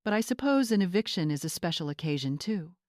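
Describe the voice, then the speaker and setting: A woman's voice: on the low side, quick pace, dry recording, clean studio sound, natural voice. A woman voicing a commanding woman in her seventies. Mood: cool. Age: 70s. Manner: calm, cool, clipped authority. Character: older woman, commanding retired homeowner.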